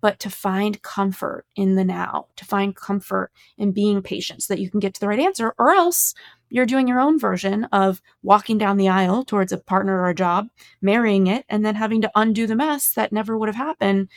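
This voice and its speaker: A woman's voice: mid-range voice, a little fast. A woman talking earnestly on a podcast, explaining ideas in casual chat. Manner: earnest, explanatory, speaks about psychology.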